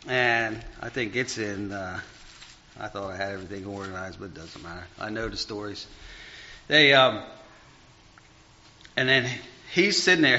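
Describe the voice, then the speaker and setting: A male preacher delivers a loose, conversational sermon full of restarts and asides. His voice is bright and forceful, and it swings from raised emphasis down to quiet murmurs. The dull, lo-fi recording softens the top end. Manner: rambling, full of fillers and restarts, big swings in pitch and volume.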